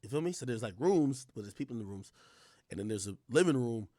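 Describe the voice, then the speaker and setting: Animated young man telling a wild story. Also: medium pitch, fast, no echo, studio quality. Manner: animated, profane, swings between mumbling and yelling. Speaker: streamer. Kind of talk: casual storytelling on a livestream.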